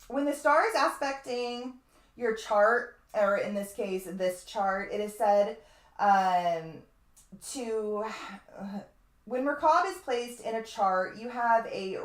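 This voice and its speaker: A woman astrologer lectures in a relaxed, chatty way, drifting into asides and tossing in the occasional swear. Her voice sits at a middle pitch. The recording has a noticeable echo, as if made in a bare room. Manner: chatty, digressive, fond of asides and mild swearing. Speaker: astrologer teaching a webinar. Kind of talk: casual spoken lecture.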